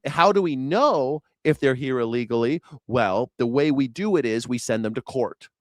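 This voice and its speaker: A man's voice: medium pitch, lively intonation, normal speed, no room sound, studio quality. A man hosting a news reaction show, sarcastic and incredulous and swearing freely. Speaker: host.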